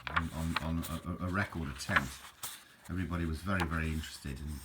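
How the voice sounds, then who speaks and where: Deep-voiced chatty Englishman. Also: fairly even intonation, quick pace, heavy background noise. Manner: chatty, hesitant, with frequent restarts. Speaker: video host. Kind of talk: casual rambling commentary over photos.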